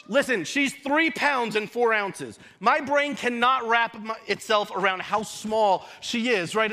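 A young man preaching a sermon, moving between casual storytelling asides and loud emphatic shouted declarations. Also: sits high. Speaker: pastor.

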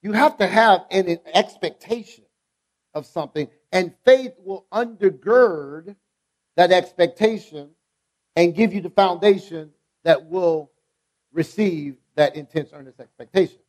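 A man's voice: high voice, a little slow. A man preaching a sermon, emphatic and rhythmic, repeating his phrases and prompting the congregation to answer back. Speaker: pastor. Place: church sanctuary.

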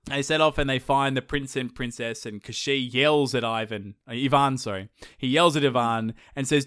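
A man's voice: mid-range voice, moderate pace, hardly any pauses, no echo. Brief: casual male podcast host, comic folktale narration, dry sound. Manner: casual, animated, acts out voices. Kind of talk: comedic folktale retelling.

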